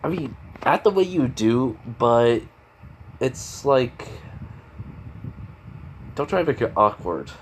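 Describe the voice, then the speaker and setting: A man's voice: medium pitch, expressive, slow, pauses often, slight background noise. A man voicing a cocky, teasing young male mentor who gives blunt, casual advice in a plain speaking voice.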